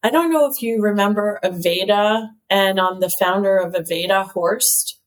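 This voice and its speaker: A woman who is a company CEO and cosmetic chemist, telling stories as an interview guest in a lively way, laughing often and using lots of "like.". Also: mid-range voice, moderate pace. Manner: lively storyteller, laughs often, many "like" fillers. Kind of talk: casual chat, telling stories.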